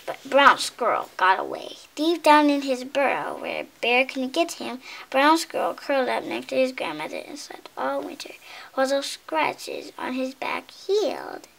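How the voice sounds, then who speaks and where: High, lively woman reading a story. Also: normal speed, creaky. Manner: expressive read-aloud with slips and asides. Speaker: storybook reader. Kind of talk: reading a picture book aloud.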